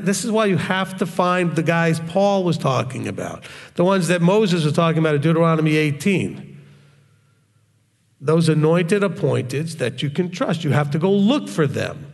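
A man's voice: sits high, gravelly, long reverb tail. A man preaching in a blunt, straightforward way on a live stream, often mocking other voices. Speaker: religious teacher.

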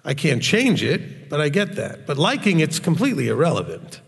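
A man's voice: fairly high pitch, sing-song, normal speed, gravelly, in a large hall. A man preaching in a blunt, straightforward way on a live stream, often mocking other voices. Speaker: religious teacher.

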